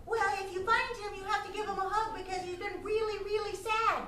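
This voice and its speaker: A woman's voice: very high-pitched, fairly even intonation, a little fast, sharp tone, voice pushed up. A woman playing a sweet little rabbit faking menace. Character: small brown field rabbit, mock-fierce but soft-hearted. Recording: echoey stage, distant mic, faint noise.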